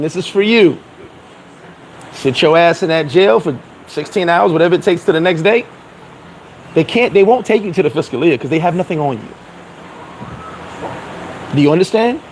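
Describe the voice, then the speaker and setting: A blunt, streetwise man with a fairly high voice talks casually and profanely, voicing the people in his stories as he goes. Faint traffic and outdoor ambience sit behind him. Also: lively intonation, normal speed, pauses often, poor audio. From New York. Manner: acts out dialogue in quoted voices. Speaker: vlogger. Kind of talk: casual advice monologue.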